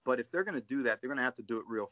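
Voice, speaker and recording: A man, a guest coach on a casual podcast call, telling animated stories and often asking "right?". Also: medium pitch, racing, dry recording. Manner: storytelling, animated, says "dude" and "right?".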